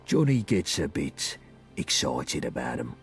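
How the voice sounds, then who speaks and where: A man doing a husky drawling London gang boss. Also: rumbling low, sing-song, unhurried, faint music behind, heavily acted. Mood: sly. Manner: sly, drawling, mocking. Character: smooth-talking male London gang leader.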